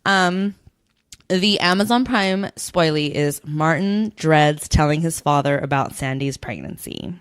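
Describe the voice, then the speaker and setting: A woman co-hosting a podcast in casual chat, sick and sounding nasal, chatty and quick to laugh. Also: low-pitched, lively intonation, clean tone, no room sound. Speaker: podcast co-host.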